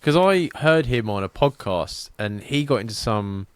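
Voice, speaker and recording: A man, co-hosting a podcast in relaxed, sweary casual chat. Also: mid-range voice, moderate pace, smooth, no room sound. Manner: laid-back, swears freely, laughs easily. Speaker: podcast co-host.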